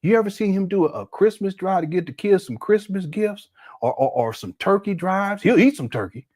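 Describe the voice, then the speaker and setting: A man riffing through a casual reaction commentary in a lively voice that climbs and drops a long way. He laughs often and throws out incredulous rhetorical questions, a little high for a man. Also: moderate pace. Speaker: commentary host.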